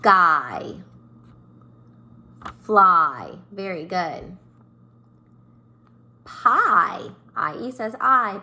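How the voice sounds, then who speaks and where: A woman's voice: mid-range voice, animated, drawn-out words, pauses often, pushed and bright, dull audio. A woman teacher giving a phonics lesson to young children. She has a sing-song way of talking, stretching and stressing each sound.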